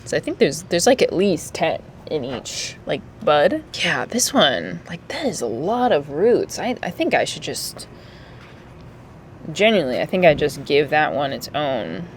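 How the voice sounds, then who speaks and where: A woman's voice: sits low, sing-song, a little slow, a little hiss or hum. A woman chatting casually in her own gardening vlog, giggly and easily moved, laughing often. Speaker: gardening vlogger. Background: music.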